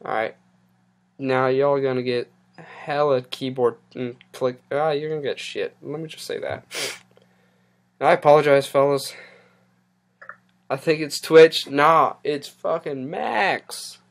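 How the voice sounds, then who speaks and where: Slow and medium-pitched with frequent pauses, a podcast host grumbles through casual live-stream chat. The host swears at technical trouble, sounding flustered and exasperated.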